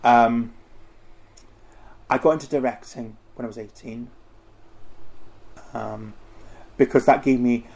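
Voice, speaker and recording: A man's voice: mid-range voice, fairly even intonation, takes it slowly, vocal fry, long pauses, a little mellow. A middle-aged man, talking as an interview guest in a chatty, rambling way with many restarts. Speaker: interview guest, costume house owner. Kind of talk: casual conversational interview.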